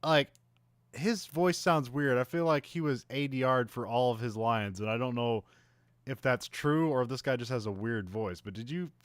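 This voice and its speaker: Recapping a film for a casual podcast, a co-host rambles along, laughing often and using plenty of fillers. He has a medium pitch and moderate pace, and there's no room sound in the recording.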